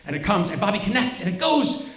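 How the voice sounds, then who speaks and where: A man's voice: sits high, sing-song, quick pace, a bit bright. A man telling a true personal story on stage, wry and vivid, with a self-mocking edge. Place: stage of a cultural center hall. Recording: roomy hall sound.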